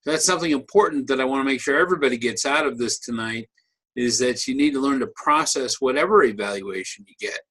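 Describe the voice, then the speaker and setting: A man's voice: mid-range voice, fast talker, a bit bright, breathy edge. A man giving a conversational online teaching talk as a workshop presenter, joking and restarting phrases as he goes.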